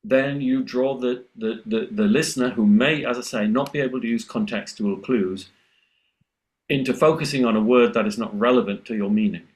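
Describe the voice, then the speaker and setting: A man teaching pronunciation on a webinar panel over a video call, explaining at length and acting out his students in a higher voice. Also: normal speed. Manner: lively, acts out students' voices in a higher pitch.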